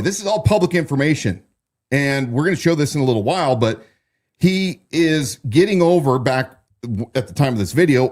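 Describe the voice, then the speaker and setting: A man co-hosting a podcast offers casual political commentary in a mid-range, slightly mellow voice. His talk is loose and conversational, with many restarts and repeats.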